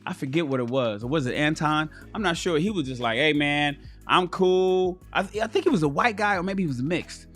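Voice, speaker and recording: A man hosts a livestream in a fairly high, lively voice, swinging his pitch around as he talks. He swears freely and breaks into impressions of the people he quotes. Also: fast, hardly any pauses, husky, soft background music. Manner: animated, profane, acts out quoted people. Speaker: host. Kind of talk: livestream commentary.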